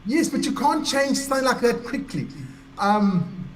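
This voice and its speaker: A man from South Africa co-hosting a rugby chat, measured and a bit hesitant. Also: very high voice, animated. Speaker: rugby show co-host. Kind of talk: casual chat.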